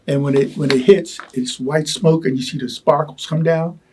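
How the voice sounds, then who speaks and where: An older man recalling his wartime experiences in an oral history interview, talking haltingly with many repeated words and asides. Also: a little high, fairly even intonation, darkish tone, a little hiss or hum. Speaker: Vietnam veteran interviewee.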